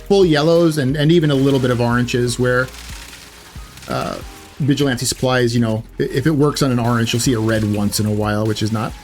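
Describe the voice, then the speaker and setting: A man's voice: mid-range voice, steady tone, a little fast, darkish tone, soft background music. A man giving casual gameplay commentary in a chatty way, correcting himself often with loose filler words. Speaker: gaming YouTuber.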